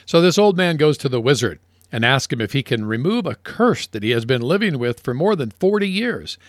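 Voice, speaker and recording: A man's voice: medium pitch, sing-song, brisk, no room sound, clean studio sound. A man co-hosting a radio show, telling jokes playfully. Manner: playful joke-telling, laughs at own jokes.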